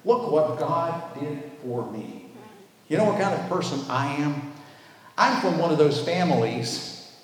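A man preaching a sermon in a church while the congregation answers him, leaning hard on key words and drawing them out slowly. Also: fairly high pitch, expressive. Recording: echoey hall with faint background noise.

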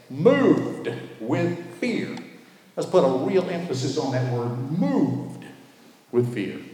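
A man preaching a sermon in a church while the congregation answers him, leaning hard on key words and drawing them out slowly. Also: fairly high pitch. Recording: echoey hall with faint background noise.

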